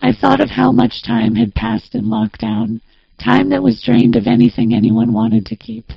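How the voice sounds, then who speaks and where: High raspy lady reading an audiobook, reflective, dry and a bit muffled. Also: moderate pace, dry recording. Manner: reflective, even first-person storytelling. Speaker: narrator. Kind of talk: audiobook narration. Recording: slightly muffled dry recording.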